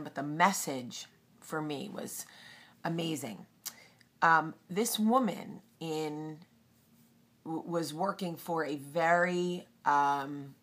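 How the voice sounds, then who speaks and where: A woman's voice: low voice, a bit bright, slightly rough. A woman hosting a casual storytelling vlog, chatty with frequent ums. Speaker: host.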